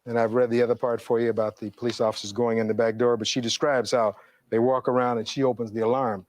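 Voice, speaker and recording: Male defense attorney, middle-aged; oratorical courtroom delivery, reads testimony, average pitch. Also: flat delivery, fast, a little mellow. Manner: oratorical, reads testimony aloud, rhetorical questions. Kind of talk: courtroom closing argument.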